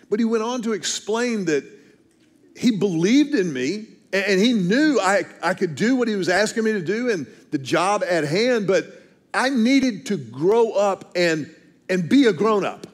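A man's voice: high-pitched, lively intonation, moderate pace. A man, preaching a storytelling sermon with earnest, self-deprecating humor and frequent restarts. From Texas, USA. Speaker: pastor.

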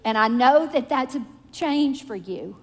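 A woman's voice: high-pitched, animated, unhurried, in a large hall. A middle-aged woman speaking from the pulpit to her congregation, chatty, playful and self-mocking as she prays and shares family stories. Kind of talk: prayer and church talk. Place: church sanctuary.

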